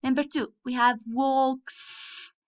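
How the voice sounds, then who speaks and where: Slow high-voiced woman teaching English. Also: fairly bright tone. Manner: slow, clear, repetitive, spells words letter by letter. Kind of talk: recorded classroom lesson.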